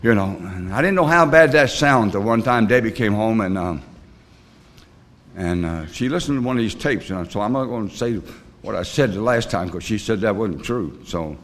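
Older man, low voice, rambling testimony. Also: lively intonation, fairly bright tone. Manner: rambling, plain-spoken storytelling with frequent pauses; earnest and confessional, folksy grammar. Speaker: speaker at a recovery meeting. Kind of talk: personal testimony talk.

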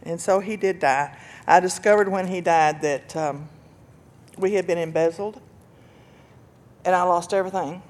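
A woman's voice: on the low side, normal speed, pauses often. Older woman telling her life story. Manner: earnest storytelling, bursts of laughter and loud acted quotes. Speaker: speaker sharing recovery story. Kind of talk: personal testimony talk.

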